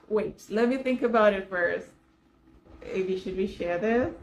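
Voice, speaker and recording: Animated woman vlogger telling a story. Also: medium pitch, normal speed, background noise. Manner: animated, laughs often while telling stories; talks straight to viewers, warm and chatty. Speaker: self-care coach for professional women. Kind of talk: casual storytelling vlog.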